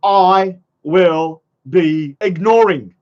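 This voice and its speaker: A man's voice: high-pitched, very slow, darkish tone. A man, vlogging casually to a live chat, rambling and mocking his critics. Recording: dull lo-fi sound.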